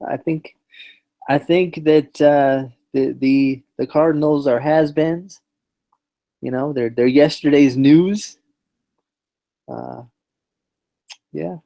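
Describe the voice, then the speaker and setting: A man co-hosting a podcast, giving football picks in a dry, deadpan way with halting restarts. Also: a little high, creaky, poor audio. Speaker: podcast co-host. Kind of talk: casual chat, football picks.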